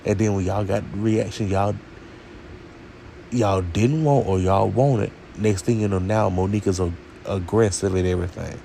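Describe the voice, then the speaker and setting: A man's voice: fairly low pitch, steady tone, normal speed, gravelly, warm tone, a little hiss or hum. A man reviewing a TV show in a sassy, opinionated rant, talking straight to his viewers.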